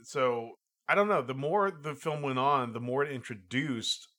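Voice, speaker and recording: A man chatting casually about a movie, halting and restarting often with lots of fillers. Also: mid-range voice, pushed and bright. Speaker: podcast co-host. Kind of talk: casual film review chat.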